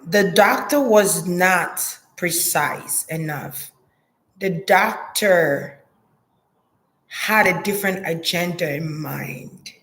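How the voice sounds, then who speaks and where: A woman's voice: fairly low pitch, takes it slowly, fairly bright tone. A woman giving a psychic reading in a hesitant, murmuring way, repeating words and trailing off. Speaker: psychic reader. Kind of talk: intuitive reading monologue.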